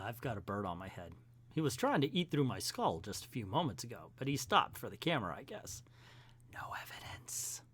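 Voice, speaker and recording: A man's voice: a little high, fairly bright tone, no echo. A man giving a chatty, wry recap of an old comic book, full of casual asides.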